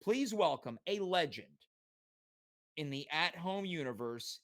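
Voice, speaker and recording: A man's voice: on the high side, expressive, measured pace, long pauses, fairly bright tone. A man hosting a comedic talk show, playful, with big announcer-style build-ups. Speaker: host.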